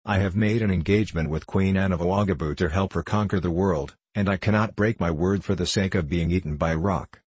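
A man playing a calm, brave soldier. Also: deep voice, fairly quick, hardly any pauses, husky, no room sound. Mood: calm, firm. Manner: calm, firm and courteous.

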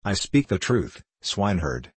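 A man voicing a lost young boy prince who speaks earnestly and pleadingly in a low, husky voice. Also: sing-song, a little slow, dry recording, full character voice.

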